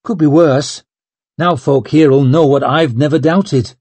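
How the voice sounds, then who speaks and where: A chatty, worried young sidekick with a pitched-up, eager voice, put on by a male narrator. husky and dry, read close to the mic in an audiobook. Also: measured pace, a little mellow, no room sound.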